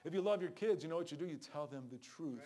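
A middle-aged male street preacher with a high voice. He preaches with fervor, calls out for amens and acts out the people he meets on the street. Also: animated, fast talker, warm tone, soft background music. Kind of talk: sermon.

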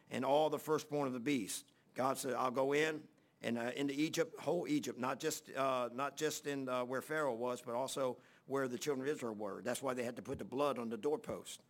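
Gravelly-voiced man preaching a sermon. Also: medium pitch. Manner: folksy, halting, many fillers and restarts; reads scripture aloud in King James wording. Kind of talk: sermon Bible teaching.

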